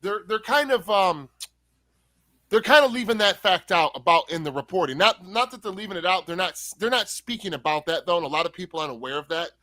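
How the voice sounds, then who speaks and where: A man's voice: sits high, lively intonation, a little fast, pushed and bright, no echo. A man co-hosting a livestream chat, exasperated and openly swearing, calling people bro. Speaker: co-host. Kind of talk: heated casual chat.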